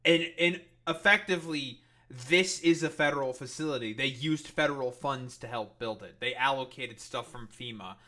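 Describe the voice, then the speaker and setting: A man's voice: mid-range voice, moderate pace, few pauses, pushed and bright. A man streaming reaction commentary, ranting with heavy swearing and exasperation.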